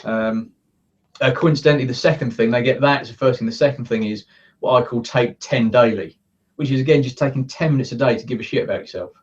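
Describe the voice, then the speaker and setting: A man's voice: mid-range voice, fast talker. A man speaking as a coaching guest in a casual interview from his office, earnest and acting out the thoughts he quotes. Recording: distant, muffled sound.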